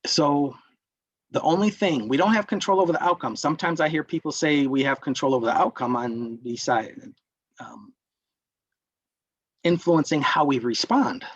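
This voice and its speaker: A man's voice: on the high side, moderate pace, long pauses, breathy edge, no room sound, lo-fi sound. A man leading an interactive wellness workshop, lecturing and putting questions to the group. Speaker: workshop instructor.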